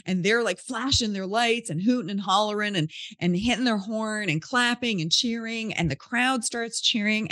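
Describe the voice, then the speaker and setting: A woman's voice: medium pitch, fairly bright tone, no room sound, studio quality. A woman podcast host telling a story in an earnest, heartfelt, casual way.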